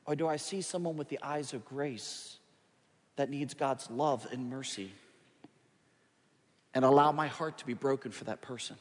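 A man preaching a sermon as pastor in a large church, dropping to hushed pleading and rising to loud, urgent appeals. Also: mid-range voice, normal speed, pauses often. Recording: long hall reverb.

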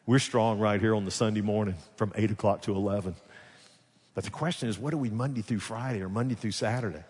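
A man with a Southern Alabama accent, a pastor preaching a sermon and telling a story in a casual way, swinging between loud and hushed. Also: fairly low pitch, fast, breathy edge. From Alabama, USA. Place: large church sanctuary. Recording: long reverb of a big hall.

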